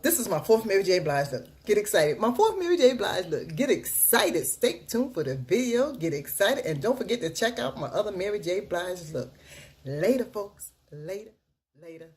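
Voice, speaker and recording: A woman's voice: mid-range voice, sing-song, moderate pace, a little mellow. A woman vlogger chatting through a makeup tutorial, upbeat and repeating a hype catchphrase as she explains each step. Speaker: beauty vlogger.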